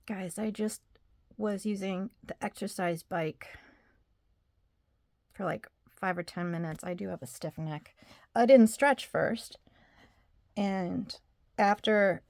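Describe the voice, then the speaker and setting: A woman's voice: medium pitch, vocal fry, darkish tone. A woman talking casually to her viewers at home in a video diary, rambling and self-deprecating, and tired. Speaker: vlogger.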